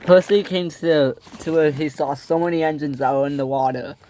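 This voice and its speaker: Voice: medium pitch, fairly even intonation, normal speed, mellow. A narrator telling a toy train story in a dramatic storytelling style, switching into character voices. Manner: dramatic, breaks into character voices and sound effects.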